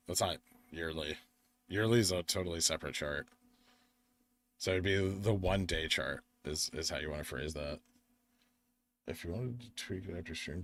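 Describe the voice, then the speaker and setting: A young American man with a very low voice hosts a live stream. He sounds tired and talks in a loose, rambling way, answering the chat as he goes through the charts. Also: fairly bright tone. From United States. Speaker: livestream host.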